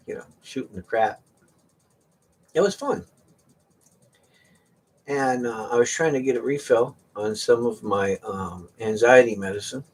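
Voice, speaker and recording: A husky, medium-pitched voice belongs to a middle-aged man hosting a live auction stream. Casual and rambling, he tells joking stories and laughs frequently.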